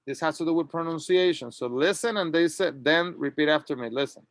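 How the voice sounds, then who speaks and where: A man teaching an English grammar lesson, reading model sentences slowly and clearly for students to repeat. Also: fairly high pitch, fairly bright tone, no room sound. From Latin America. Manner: slow, drawn-out model sentences.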